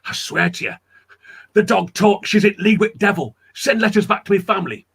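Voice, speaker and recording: A man voicing a stricken peddler who shouts that he has been cursed, in rough dialect speech. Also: high-pitched, very animated, moderate pace, heavily acted. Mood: frantic.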